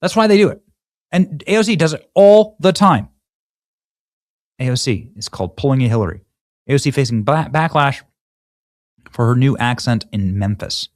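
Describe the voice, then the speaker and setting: Animated sarcastic male commentary host. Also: mid-range voice, normal speed, pauses often. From Iowa. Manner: animated and sarcastic, with loose conversational restarts. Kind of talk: mocking political commentary.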